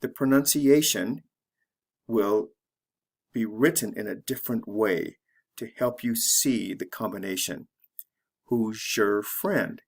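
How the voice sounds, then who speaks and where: A man narrating a scripted English lesson, reading example sentences slowly and deliberately for learners to repeat. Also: on the low side, gravelly. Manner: measured, deliberate, careful pronunciation drills. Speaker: English teacher.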